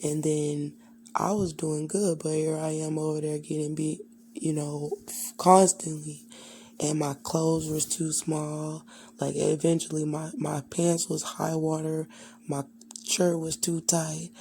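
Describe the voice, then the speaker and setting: A woman's voice: low-pitched, level tone, slow, gravelly, dark tone, a little hiss or hum. A young adult woman candidly telling a personal childhood story, rambling and full of fillers. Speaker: vlogger.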